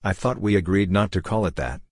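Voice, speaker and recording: A man's voice: low voice, fairly quick, no room sound, studio quality. A man voicing a pompous, condescending male mayor in a story reading. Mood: smug.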